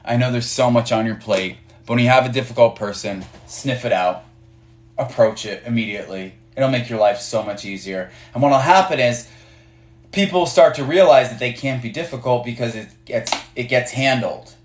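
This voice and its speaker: A man's voice: medium pitch, normal speed. Man coaching managers in a roomy live stream. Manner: conversational, many fillers and restarts, acts out dialogue. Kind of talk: casual live-stream teaching. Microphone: phone on a live stream. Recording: roomy echo.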